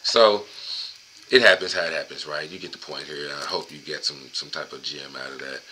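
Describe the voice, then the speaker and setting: A man's voice: extremely low pitch, a little fast, sharp tone, a little hiss or hum, low-quality recording. A man hosting a solo show, reading a book aloud and breaking off into profane, rambling, emphatic rants in a casual monologue.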